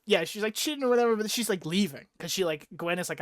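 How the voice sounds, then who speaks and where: A young man with a somewhat high voice rambles through a comic-book recap, swearing freely and leaning on "like". The sound is close and dry, with no room echo. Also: fast. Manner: rambling, profane, laughing recap with lots of "like". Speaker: podcast host recapping a comic. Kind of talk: casual chat.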